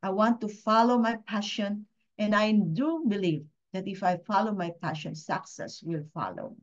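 A woman's voice: mid-range voice, moderate pace. A woman from the Philippines giving an emotional personal testimony as a guest speaker at a training session, earnest and confiding, often putting questions to her listeners. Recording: dull lo-fi sound.

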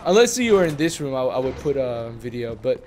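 Recorded at home on a desk mic with audio only, this young video uploader chats casually while gaming, spinning rambling, profane tales and laughing often. His mid-range voice is sing-song and fairly quick, against a noisy background.

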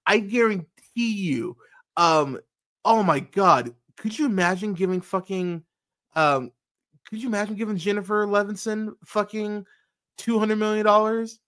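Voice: medium pitch, unhurried, a bit bright. A movie podcast host giving a casual review as a rambling, profane rant full of fillers and restarts.

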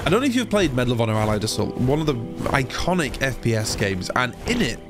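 A man's voice: mid-range voice, sing-song, fast talker, over music. A man from England giving casual, rambling commentary while playing a video game, swearing now and then. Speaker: gaming YouTuber.

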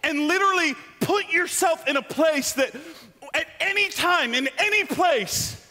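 A man preaching a sermon in a church, animated and joking, with self-deprecating asides. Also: extremely high pitch, unhurried, in a large hall. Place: church sanctuary.

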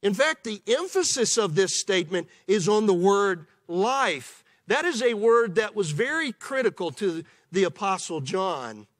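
A man preaching a sermon as pastor, in a measured way with slow, emphatic pauses. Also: sits high, very animated. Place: church.

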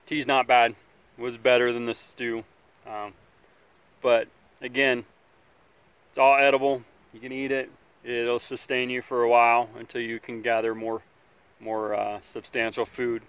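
A man hosting a casual outdoor survival vlog, talking in a relaxed, rambling way by a campfire, sometimes chewing as he speaks. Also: mid-range voice, measured pace, pauses often, clear, resonant tone, no room sound. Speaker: outdoor survival channel host.

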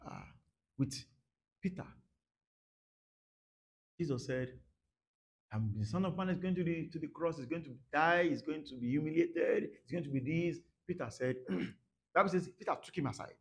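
A man preaching a sermon, dramatic, dropping to soft murmurs and then bursting out, repeating phrases for emphasis. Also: fairly high pitch. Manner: repeats phrases for emphasis, laughs at his own points. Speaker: pastor.

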